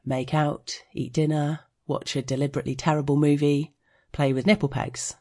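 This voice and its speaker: A British woman reading her own erotic story aloud, frank and wry, slowing down over the intimate details. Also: low voice, flat delivery, a little mellow. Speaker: sex blogger.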